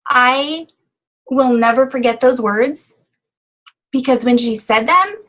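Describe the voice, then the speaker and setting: An earnest middle-aged woman speaks as a health coach on a phone call, her voice sitting a little high. She sounds choked up and tearful, pausing on fillers as she shares her story. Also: fairly bright tone. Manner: earnest, emotional, frequent fillers. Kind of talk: motivational testimonial on a conference call.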